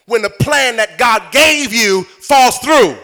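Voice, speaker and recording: A high-pitched man with a bright, forceful tone preaches a sermon in church. He swings from chatty, laughing storytelling aimed at the congregation into loud, fervent preaching. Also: animated, slow, soft background music. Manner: conversational storytelling building to shouted preaching. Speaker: bishop preaching.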